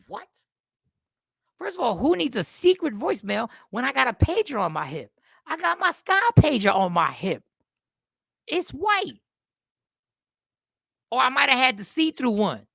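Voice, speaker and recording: A man's voice: very high-pitched, gravelly, bright, forceful tone, no room sound, clean studio sound. A man in his fifties, a comedian and host, telling a rambling, self-mocking story in a casual style.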